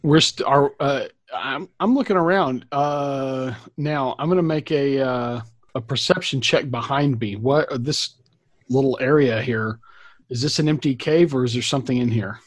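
A man's voice: mid-range voice, normal speed, no echo. A man playing a tabletop role-playing game, playful as he describes his character's actions. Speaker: player. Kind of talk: tabletop role-play chat.

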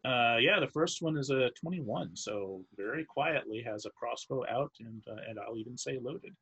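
A man narrating as game master of a tabletop role-playing game, halting and restarting, with many fillers. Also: medium pitch, animated, a bit bright, husky, rough recording. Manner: halting, full of fillers and restarts, laughs often.

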